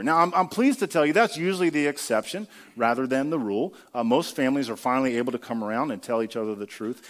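A man giving a sermon in a conversational preaching style, asking the congregation rhetorical questions. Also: medium pitch. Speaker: pastor.

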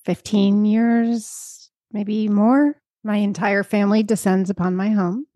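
A woman's voice: mid-range voice, fairly even intonation, slow pace, warm tone, no room sound, studio quality. A woman co-hosting a podcast, speaking frankly in easy conversation. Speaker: podcast co-host. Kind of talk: casual chat.

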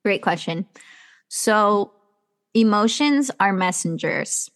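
A woman's voice: mid-range voice, lively intonation, takes it slowly, fairly bright tone. A woman who works as a self-love coach, speaking as a podcast guest in an earnest, encouraging way with lots of "like" fillers. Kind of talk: casual podcast chat.

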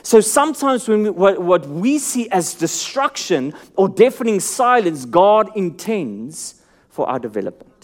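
High-voiced earnest male preacher. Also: big pitch swings, a little slow. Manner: earnest, rhetorical questions, drops low and soft for emphasis. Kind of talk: sermon.

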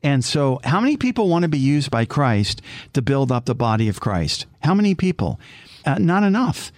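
A man co-hosting a faith talk, urging listeners on with rhetorical questions while his voice swoops up for emphasis. The recording is dry and close-miked. His pitch sits in the middle range. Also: sing-song, moderate pace, a little mellow, no room sound. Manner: exhorting, rising emphatic questions. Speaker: co-host. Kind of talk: faith-sharing conversation.

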